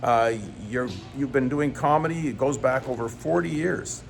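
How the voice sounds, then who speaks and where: A man's voice: medium pitch, moderate pace, vocal fry, faint music behind. Friendly prompting male interviewer. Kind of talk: casual interview.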